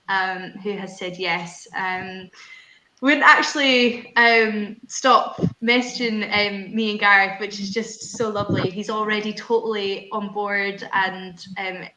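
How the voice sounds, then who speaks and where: Bright, eager woman co-host. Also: mid-range voice, reverberant, low-quality recording. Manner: enthusiastic, many ums. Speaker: podcast co-host, producer. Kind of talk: casual podcast chat.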